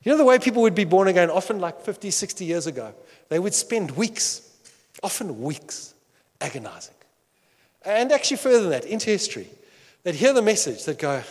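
A man preaching a sermon with passion, swinging between loud outcries and hushed asides. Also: sits high, very animated, brisk, in a large hall. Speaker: pastor.

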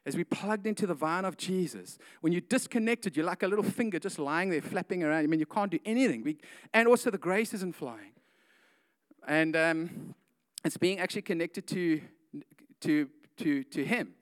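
A man's voice: high voice, animated, normal speed. A man preaching a casual sermon, retelling a story with slangy asides like "man" and "guys".

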